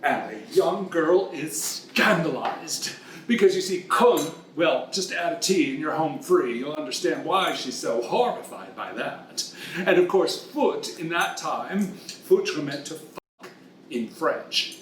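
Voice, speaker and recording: A man with a fairly high voice hosts a comic lesson, retelling the tale with a bawdy, teasing glee. He sounds a step away from the mic, and a strong room echo rings around his words over faint background noise. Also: expressive, takes it slowly, fairly bright tone, distant mic. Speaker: host.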